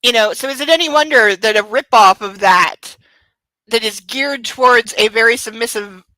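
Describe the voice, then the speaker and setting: A woman's voice: on the high side, moderate pace, sharp tone, no echo, rough recording. Sarcastic woman ranting about a book. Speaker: book club host.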